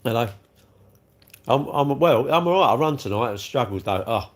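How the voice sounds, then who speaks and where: Man, livestream host, rambling casual chat, jokey, mid pitch. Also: lively intonation, moderate pace. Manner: chatty, rambling, jokey, chuckling. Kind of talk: casual live chat eating cake.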